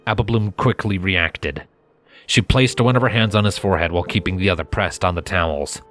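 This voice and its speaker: A man reading a fanfiction story aloud in steady, measured narration. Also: sits low, soft background music. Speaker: fanfiction reader.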